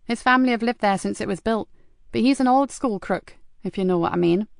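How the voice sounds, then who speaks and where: A hard-edged female detective inspector, blunt and forceful, read by a woman narrating an audiobook. She sounds direct and no-nonsense, pitched a little above the narration. There is a gravelly texture in the voice. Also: brisk, no echo, studio quality, natural voice. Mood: brisk.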